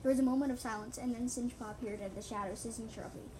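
A woman's voice: a little high, fairly even intonation, rapid-fire, noisy background. A woman reading her own animal story aloud, stumbling and correcting herself often.

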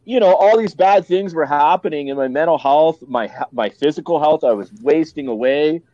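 This is a Canadian man speaking as a podcast guest, his voice sitting somewhat high. He recounts his past bluntly and plainly, swearing often and breaking off into restarts. The recording sounds dry and a little muffled. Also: normal speed, warm tone, dry recording. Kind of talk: candid personal storytelling.

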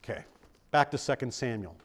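Lively pastor teaching a Bible class. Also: male voice, medium pitch, a little fast, slightly rough. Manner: conversational, checks in with questions to the group; self-deprecating humor.

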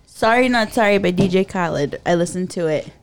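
A woman's voice: fairly low pitch, a little fast, slight background noise. A woman co-hosting a casual podcast, giggling often and speaking with lots of "like". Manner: giggly, animated, sentences trailing into "like". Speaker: podcast co-host. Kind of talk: casual chat.

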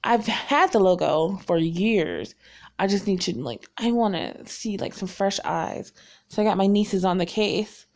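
A vlogger of about forty, from North Carolina and raised in Virginia, chats casually with her viewers, rambling, laughing a lot, and being frank and self-deprecating. Her mid-range voice has a darkish tone and a slightly slow pace.

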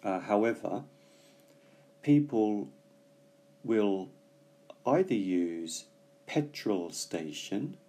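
A man teaching English vocabulary, explaining slowly and carefully with frequent pauses. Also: lowish voice, very animated, mellow. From Britain. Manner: slow, careful explanations with hesitations. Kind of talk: bilingual language lesson.

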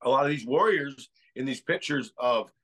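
A man's voice: medium pitch, animated, normal speed, a bit bright, slightly rough, poor audio. An American man as a podcast guest, talking casually and rambling through ideas with many restarts. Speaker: guest researcher.

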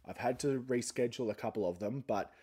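A young man hosts a casual solo podcast, sounding a little funny because his jaw is sore from having his wisdom teeth out. His mid-range voice is dark and husky, and he talks quickly in a rambling, chatty, self-mocking way.

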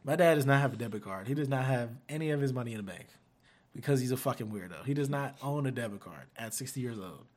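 A man's voice: mid-range voice, expressive, quick pace, darkish tone. A young man hosting a podcast, telling a story in casual chat. He laughs as he talks and acts out the voices of other people. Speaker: podcast co-host.

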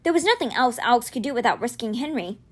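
A woman reading a children's fantasy novel aloud, narrating expressively. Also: quick pace. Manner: expressive, voices dialogue with raised pitch. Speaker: reader.

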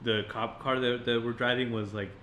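A man's voice: mid-range voice, moderate pace, reverberant, a little hiss or hum. A young man co-hosting a podcast, chatting casually about a film with lots of laughs and swearing. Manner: animated, laughing, swears a lot. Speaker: podcast co-host. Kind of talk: casual movie chat.

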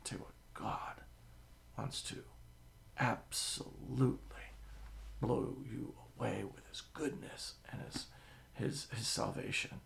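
A man preaching a sermon as the pastor, telling stories with sudden drops to a whisper and swells of loudness. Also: mid-range voice, takes it slowly, vocal fry. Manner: animated storytelling, drops to a whisper and swells loud.

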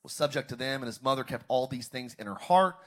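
A man preaching a sermon as pastor, calling out to the congregation and rising to shouts. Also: medium pitch, fast talker. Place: church service, streamed online.

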